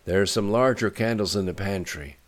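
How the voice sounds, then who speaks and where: Narrator playing a kindly chef, calm reassuring tone. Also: male voice, fairly low pitch, fairly quick, voice pushed up, lightly acted.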